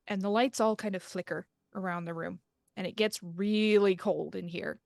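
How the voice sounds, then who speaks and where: A woman game master narrating a tabletop horror game with measured, atmospheric storytelling. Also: mid-range voice, gravelly, a little mellow, no echo, clean studio sound.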